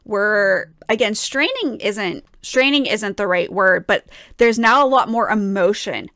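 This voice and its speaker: A woman's voice: mid-range voice, expressive, unhurried, a bit bright, no echo, studio quality. A woman musician casually and enthusiastically analyzing a song as she reacts to it. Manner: enthusiastic, explanatory.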